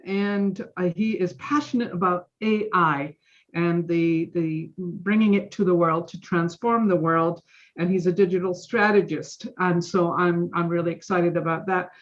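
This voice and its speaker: A woman's voice: fairly low pitch, steady tone, unhurried. An enthusiastic woman previews next month's speakers on a video call. Her voice comes through dull and lo-fi, as if over a muffled connection. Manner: upbeat and enthusiastic. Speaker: co-host announcing next month's program. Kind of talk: casual announcements on a video call.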